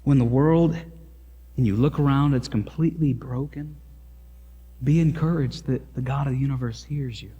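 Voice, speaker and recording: A man's voice: mid-range voice, moderate pace, husky, dull audio. Missouri-accented man preaching in a reverberant church. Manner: earnest preaching, turning lively and emphatic in asides. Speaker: pastor. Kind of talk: sermon. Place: church sanctuary.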